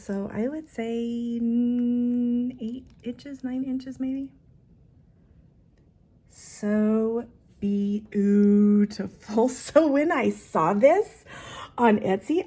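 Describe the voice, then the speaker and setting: A woman showing off items from her collection in a casual, excited chat that trails off and restarts. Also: fairly high pitch, creaky, breathy edge. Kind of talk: casual show-and-tell.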